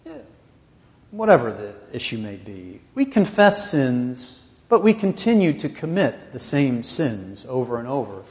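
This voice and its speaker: A man's voice: mid-range voice, sing-song, unhurried, a little mellow, long reverb tail. A man preaching a sermon as pastor of a church, earnest and pressing his points with rising emphasis.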